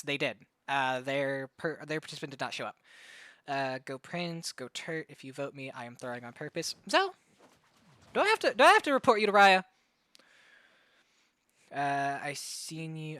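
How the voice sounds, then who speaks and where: A man casting a live game tournament, hyper and excitable, rattling off play-by-play and getting out of breath. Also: mid-range voice, no room sound. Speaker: tournament caster and streamer. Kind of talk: live esports commentary.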